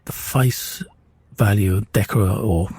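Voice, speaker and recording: Male narrator, candid and rambling, casual swearing; low, mellow, husky voice, dry. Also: takes it slowly, no echo. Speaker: narrator of own experiences.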